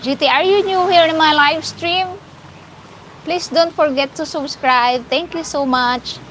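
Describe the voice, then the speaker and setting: Woman, Filipino accent, live stream host, giggly, unhurried delivery. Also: sits high, fairly bright tone, slight background noise, rough recording. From Philippines. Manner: giggly, laughs often, greets viewers by name. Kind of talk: casual live stream chat with viewers.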